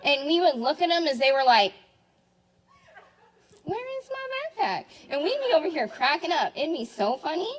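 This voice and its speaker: A woman in her twenties, the maid of honor, giving a jokey, animated wedding toast full of laughs. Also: sits high, fast, hardly any pauses, poor audio. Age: 20s. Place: wedding reception.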